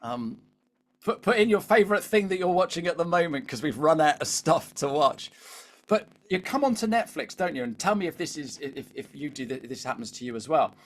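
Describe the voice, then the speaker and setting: A man's voice: fairly high pitch, expressive, brisk. Chatty British man coaching a webinar. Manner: chatty, keeps asking the audience "all right?". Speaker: LinkedIn coach. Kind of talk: live webinar coaching talk.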